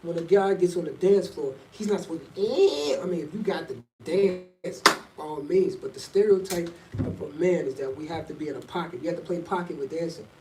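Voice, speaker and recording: A man's voice: a little high, a little fast, background noise. Rambling middle-aged man, echoey and distant. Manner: loose and rambling, slangy, jumps between topics. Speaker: vlogger. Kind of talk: casual storytelling monologue. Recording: echoey, from a distance off the mic, faint ambience.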